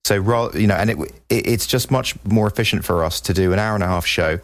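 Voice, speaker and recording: A man's voice: quick pace, no room sound. A man co-hosting a casual tech podcast, talking plainly and slipping into mock-earnest jokes. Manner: joking, mock-earnest pitch delivery. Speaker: podcast co-host who edits the show.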